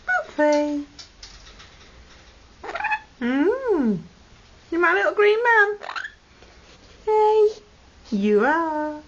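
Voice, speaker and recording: Lively high-voiced woman cooing at parrots. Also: gravelly. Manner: coaxing, affectionate scolding. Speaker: pet owner. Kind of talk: baby talk to pet parrots. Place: home room with parrot cages. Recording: lo-fi 2008 home video with faint noise.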